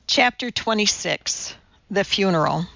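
A woman narrating an audiobook in a measured, even storytelling manner. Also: medium pitch, gravelly, dry recording, highs cut off. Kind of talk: scripted narration.

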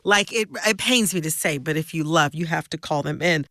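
A woman's voice: sits low, a little fast, a bit bright, no echo, studio quality. A woman hosting a podcast, chatting casually and laughing often. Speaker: podcast host. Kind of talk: casual chat.

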